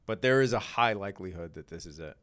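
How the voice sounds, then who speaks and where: A man's voice: low voice, lively intonation, fast, a bit bright, clear, resonant tone. A man hosting a live day trading stream, talking in a casual, slangy, laid-back way and laughing often. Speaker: day trading livestream host.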